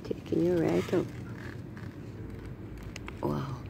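A woman with a low, unhurried, dark-toned voice vlogs from her garden on a handheld phone, walking her viewers around and exclaiming with delight. She's effusive, repeatedly calling out "my people." The audio is poor, with a faint hiss or hum.

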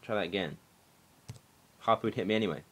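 A young man doing let's play commentary, excitable and swearing, shouting at the game. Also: lowish voice, a little fast, husky. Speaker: gaming commentator.

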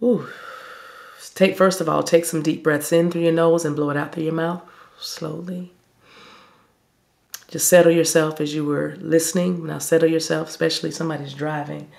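A woman spiritual reader giving a talk and guided meditation, speaking slowly and soothingly in drawn-out phrases. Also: low voice, fairly even intonation, gravelly, a little mellow.

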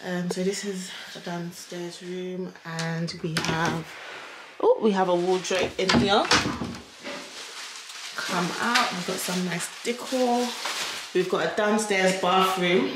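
A woman's voice: fairly low pitch, steady tone, slow pace. A young woman vlogger talking casually to her viewers, giving a house tour. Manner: chatty, addresses viewers as guys. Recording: echoey room with loud noise.

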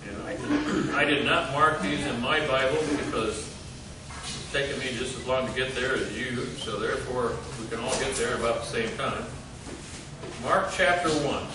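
A man teaching a group Bible study in a church meeting room, halting with many fillers and quizzing his listeners. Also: mid-range voice, far from the mic. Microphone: distant room mic. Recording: echoey room recorded from afar, noisy.

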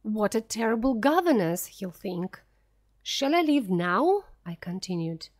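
A woman reading a simplified story aloud as a first-person narrator, clear and deliberate. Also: medium pitch, big pitch swings, a little mellow. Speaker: audiobook reader.

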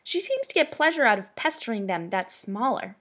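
A woman's voice: fairly high pitch, big pitch swings, a little fast, a bit bright. A blunt, kindly old working woman from a storybook, put on by a woman reader. She mutters her words plainly and without fuss.

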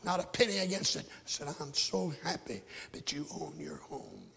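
An older man preaching a sermon, telling a story with fervent delivery that swings from shouts to whispers, in a raspy voice. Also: a little high, sing-song, normal speed. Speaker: pastor. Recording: echoey hall.

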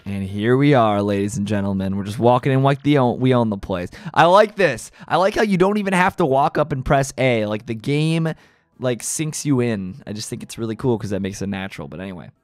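A man's voice: medium pitch, animated, brisk, a little mellow, no echo. A young man chatting casually while playing through a video game. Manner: chatty, gushing, laughs easily. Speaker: let's play host.

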